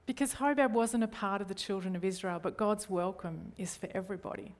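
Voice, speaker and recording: At a brisk pace, a middle-aged Australian woman preaches an earnest sermon as a church leader, her pitch typical for a woman. She frequently turns to the congregation with rhetorical questions.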